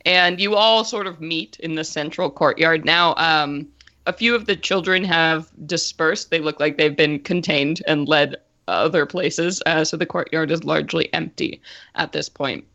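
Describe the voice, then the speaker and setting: A woman's voice: low-pitched, measured pace, sharp tone, dull audio. A woman narrating a tabletop game as game master, telling the scene in a chatty, descriptive way with many fillers.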